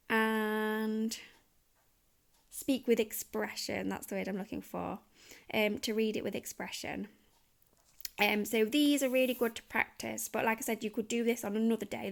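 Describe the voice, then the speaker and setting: A woman's voice: medium pitch, vocal fry. A woman teacher, patiently guiding parents through phonics sounds and reading activities. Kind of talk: instructional walkthrough for parents.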